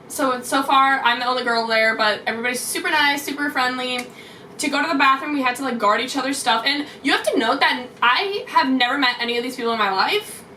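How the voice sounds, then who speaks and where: Young woman, high voice, excitable chatty storytelling, roomy echo, off-mic. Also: distant mic, a little hiss or hum. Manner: excitable, fast, many "like"s. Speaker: vlogger. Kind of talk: casual storytelling vlog.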